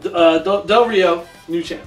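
A man's voice: high-pitched, measured pace. A young man co-hosting a casual wrestling chat, playful and laughing often. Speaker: podcast co-host. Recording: echoey room, mic at a distance, music.

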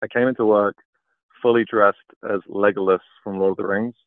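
A man from England calling in to an advice show, soft-spoken and hesitant with lots of ums, over a tinny phone line. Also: on the low side, fairly even intonation, a little fast, no echo. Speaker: caller. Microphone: phone call.

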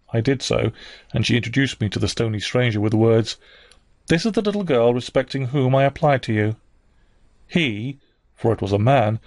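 A man narrating a classic novel as an audiobook reader, measured and even. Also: mid-range voice, no echo, studio quality.

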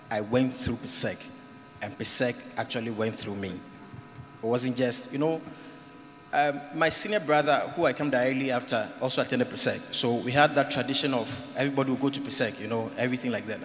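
A man's voice: medium pitch, fairly bright tone, a little hiss or hum. A man speaking to students as an alumnus, emphatic and building to his point. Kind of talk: address to students. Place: large hall at a school event. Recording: reverberant hall.

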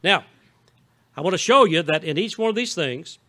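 A man's voice: high voice, lively intonation, moderate pace, pushed and bright. A male pastor from Southeast Missouri with a Southern Missouri accent, preaching a folksy, conversational sermon and often checking in with the congregation. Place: church sanctuary.

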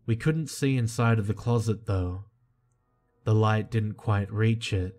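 A man reading a creepy first-person horror story in a slow, hushed and tense way. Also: lowish voice. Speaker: narrator. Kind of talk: scripted horror narration. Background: soft music.

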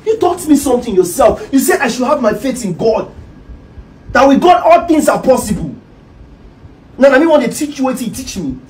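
A woman's voice: sits high, big pitch swings, moderate pace, long pauses, a little mellow, rough recording. A Nigerian woman acting a devout spouse who kneels and pleads in prayer, repeating phrases in a preachy way. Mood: pleading. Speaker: actor in a comedy skit.

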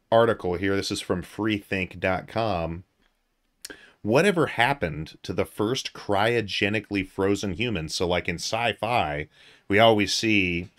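Low-voiced man reading with jokey asides. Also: fairly bright tone. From United States. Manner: reads aloud with joking asides and filler words. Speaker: podcast host. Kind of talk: casual podcast chat, reading an article aloud.

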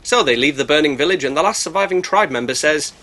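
A British man recapping a monster movie with cheeky sarcasm and a comic edge. His voice is bright and fairly high, and his pitch swings widely. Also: animated, fast. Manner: cheeky, sarcastic, bursts into squeaky put-on voices. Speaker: movie reviewer. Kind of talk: comedic movie recap narration.

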